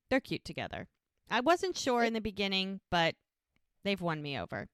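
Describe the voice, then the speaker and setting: A woman hosts a casual recap podcast, telling the story of an episode with lively, chatty energy. Her voice sits at an ordinary middle pitch. It is recorded close and completely dry, with no room sound. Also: normal speed, no room sound. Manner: animated retelling of scenes. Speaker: podcast co-host.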